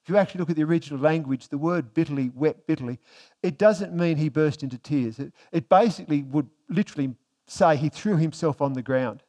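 A man delivering a sermon in an easy, conversational way. His voice sits a little higher than most men's. When he reads scripture he slows down and goes quiet. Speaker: preacher.

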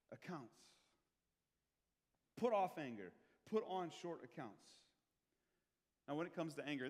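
A pastor preaches a sermon in a conversational style, asking his congregation questions and alternating between quiet asides and loud emphasis. His voice is mid-range, and the recording carries a long hall reverb.

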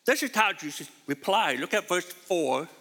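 In a reverberant church hall, a pastor preaches a sermon, repeating his points emphatically and animatedly. His voice sits high and he speaks at a normal speed.

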